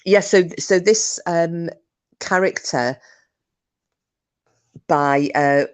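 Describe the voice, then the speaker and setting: Female streamer with a low voice, casual rambling host. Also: extremely slow, clear, resonant tone. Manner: chatty, rambling, chuckling asides. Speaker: livestream host. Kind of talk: casual chat reading viewer comments.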